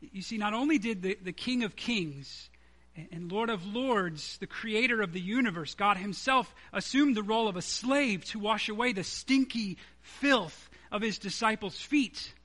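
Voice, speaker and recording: A man delivers a sermon in a high, bright voice. He speaks earnestly and conversationally, as if talking with his congregation, and leans hard on key words. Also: measured pace. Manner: earnest, conversational preaching with emphatic stresses. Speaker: preacher.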